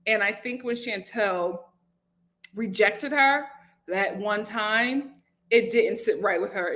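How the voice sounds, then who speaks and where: A young adult woman hosting a live reality TV review from home, chatting animatedly and reading viewer comments aloud. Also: slow. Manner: chatty and animated, jumps to high-pitched exclamations and acted quotes. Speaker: host. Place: home room, lit by a window.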